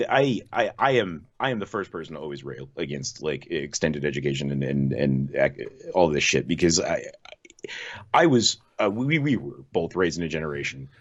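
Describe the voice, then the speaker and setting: A man's voice: extremely low pitch, lively intonation, moderate pace. A man in his thirties co-hosting a podcast, teasing his friend, swearing freely and restarting his sentences. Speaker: podcast co-host. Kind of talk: casual chat. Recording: dull lo-fi mic.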